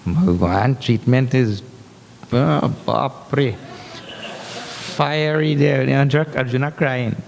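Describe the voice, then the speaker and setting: A man giving a humorous, animated scripture discourse as a spiritual teacher, breaking into chanted verses. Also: medium pitch, slow, creaky, pauses often, a little hiss or hum. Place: large hall. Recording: echoey hall.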